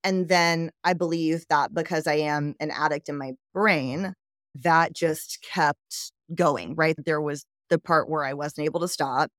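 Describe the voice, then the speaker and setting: This podcast guest is a Southern U.S. woman with a deep voice and a slightly slow delivery. In a personal storytelling interview, she candidly recounts her life, animatedly voicing quoted dialogue and laughing along the way. The sound is clean studio quality with no echo.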